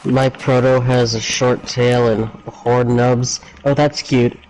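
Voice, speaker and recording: Male guest, playful teasing chat, mid pitch, faint hiss. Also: little pitch movement, takes it slowly, darkish tone, low-quality recording. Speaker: guest on stream. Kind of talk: casual voice chat.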